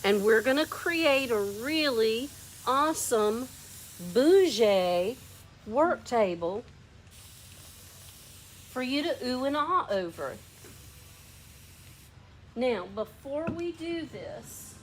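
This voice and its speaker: This hands-on painting demonstration features a woman hosting in a workshop, coaching a helper and chatting as she goes in a lazy Southern drawl. Her high, animated voice moves slowly with long pauses, and the poor audio carries a slight hiss or hum.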